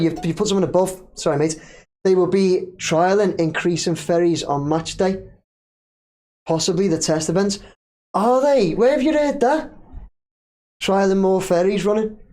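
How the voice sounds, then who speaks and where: A man's voice: high-pitched, a little mellow. A man hosting a casual live stream, chatting loosely, reading viewer comments aloud and laughing easily. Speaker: livestream host.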